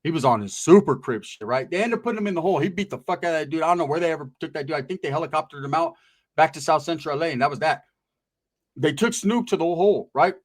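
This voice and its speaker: A man's voice: on the high side, lively intonation, fast. A man telling stories in casual, slang-heavy talk, acting out what other people said. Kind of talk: casual storytelling.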